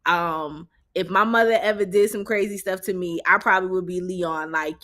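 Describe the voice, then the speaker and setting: A woman's voice: mid-range voice, big pitch swings, moderate pace, hardly any pauses, fairly bright tone. A woman co-hosting a casual livestream chat, explaining her view at length in a thoughtful way. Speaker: co-host.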